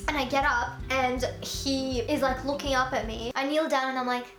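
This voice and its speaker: A young woman telling a storytime vlog in a chatty, animated way, full of "like". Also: high-pitched, moderate pace, roomy sound. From Australia. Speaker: YouTuber.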